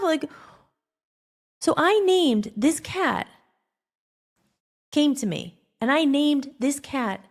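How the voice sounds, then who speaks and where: A woman hosting a podcast, telling a personal story in a rambling, animated way, acting out the dialogue. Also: high-pitched. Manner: rambling, animated, acts out quoted dialogue with filler "like". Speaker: podcast host.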